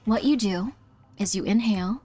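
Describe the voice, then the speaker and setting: A woman streaming a game, talking in a chatty, playful way, easily startled and soft when guiding a breathing exercise. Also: medium pitch, normal speed, faint music behind. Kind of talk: casual game commentary.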